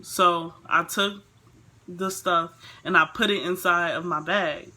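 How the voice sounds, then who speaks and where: A woman's voice: fairly low pitch, slow pace. A young woman vlogger telling a storytime in a casual, rambling way, full of fillers. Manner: rambling, filler-heavy, animated retelling.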